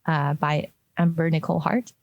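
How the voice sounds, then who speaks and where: A woman's voice: low voice, little pitch movement, moderate pace, vocal fry, dry recording, lo-fi sound. A woman, a product designer, talking casually in a discussion, with lots of fillers and restarts. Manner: chatty, many fillers and restarts.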